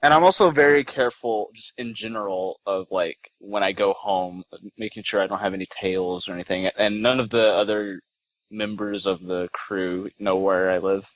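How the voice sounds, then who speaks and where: A man playing in a tabletop role-playing game, explaining himself in a careful, drawn-out way. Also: fairly low pitch, steady tone, no echo, poor audio. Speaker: player. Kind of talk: casual tabletop role-play.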